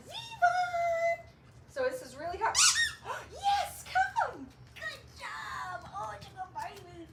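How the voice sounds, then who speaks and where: A high-pitched woman trainer talks in a lively, swooping voice and bursts into excited praise for the puppies. She sounds a little far from the mic, in an echoey room with faint noise. Her delivery is an instructive walkthrough of training steps. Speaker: dog trainer. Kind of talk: demonstrating training.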